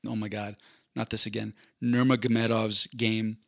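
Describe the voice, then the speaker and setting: A man's voice: lowish voice, flat delivery, moderate pace, gravelly, fairly bright tone, no echo, studio quality. A man hosting a podcast, telling a story in a casual chat with an amused, rambling manner and frequent restarts. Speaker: podcast host.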